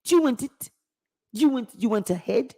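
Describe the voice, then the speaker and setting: Lady putting on a brash young woman rapper, high and eager, keeps repeating herself. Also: lively intonation, a little fast. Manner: loud, eager, repetitive.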